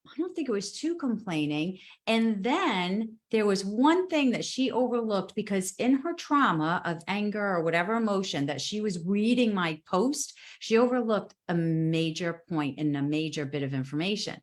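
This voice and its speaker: Woman telling a story on a live chat, animated, lots of emphasis, mid pitch. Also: normal speed, few pauses. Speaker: guest speaker.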